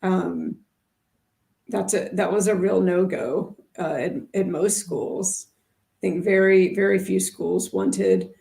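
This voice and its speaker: Chatty woman with a gravelly edge. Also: lowish voice, expressive, takes it slowly, warm tone. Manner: chatty, thinks aloud with many fillers. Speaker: ESL teacher and co-host. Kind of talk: casual livestream chat.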